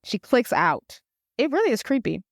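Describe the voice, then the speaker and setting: A woman co-hosting a podcast, recapping a movie in casual chat, animated and swearing as she acts out the characters. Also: fairly high pitch, normal speed, no room sound, studio quality. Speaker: podcast co-host.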